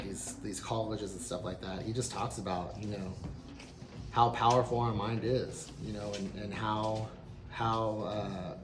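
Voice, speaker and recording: A man's voice: fairly low pitch, noisy background. A man hosting a mindfulness session, telling stories in a loose, rambling way with lots of "you know" and "like.". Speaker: meditation session host. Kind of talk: casual storytelling and reflection. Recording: roomy echo, faint background ambience.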